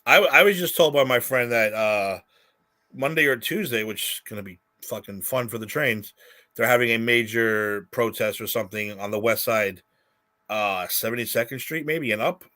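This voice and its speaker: A man's voice: medium pitch, moderate pace. A man co-hosting a podcast, telling stories in casual chat and swearing freely. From New York City. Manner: animated storytelling, casual swearing. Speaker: podcast co-host.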